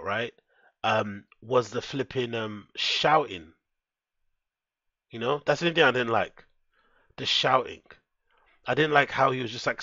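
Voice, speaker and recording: A man's voice: mid-range voice, a bit bright, no room sound. A man chatting casually with his live-stream audience, laid-back and swearing freely, into a headset microphone. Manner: laid-back, swears a lot, talks straight to his chat. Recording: dull lo-fi headset mic.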